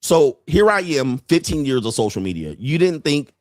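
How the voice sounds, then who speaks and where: A man's voice: a little high, big pitch swings, moderate pace, no room sound. Brash ranting man, very dry sound. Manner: brash, ranting, laughs often, mimics people. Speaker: podcast host. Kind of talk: profane livestream monologue.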